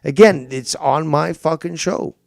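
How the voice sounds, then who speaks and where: A man's voice: fairly high pitch, unhurried, vocal fry, darkish tone, no room sound. A male live stream host in a heated call-in argument, confrontational and swearing constantly.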